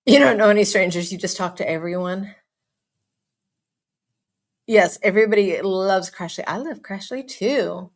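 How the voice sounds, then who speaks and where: A woman hosting a casual live chat, reading out viewer comments in a bubbly, hyper, chatty way with quick asides and laughs. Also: medium pitch. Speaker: live stream host. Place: home.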